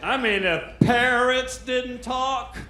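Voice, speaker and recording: A man's voice: extremely high pitch, slow, sharp tone. An American man doing brash, profane stand-up comedy on a club stage. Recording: roomy club with crowd noise. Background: audience laughter.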